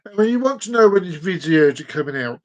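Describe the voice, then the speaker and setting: A man's voice: high voice, animated, quick pace, a little mellow, poor audio. A man hosting a live stream, chatting casually and telling a joke, rambling, repeating phrases and tripping over his words.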